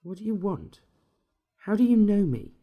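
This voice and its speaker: A man voicing a frightened fugitive who speaks cautiously and tensely, a bit higher than his own voice. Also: very animated, moderate pace, gravelly, narrow, tinny audio, heavily acted. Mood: wary. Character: cornered young man on the run, panicky.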